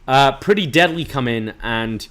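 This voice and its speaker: A man's voice: mid-range voice, animated, measured pace, a bit bright, clean tone. A man co-hosting a podcast, recapping a wrestling show in casual chat with joking asides and frequent laughter. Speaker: podcast co-host.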